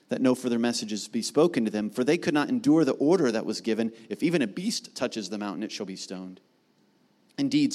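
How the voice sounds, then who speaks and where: A middle-aged man preaching a sermon in a conversational way, with quick asides. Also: fairly high pitch. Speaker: pastor.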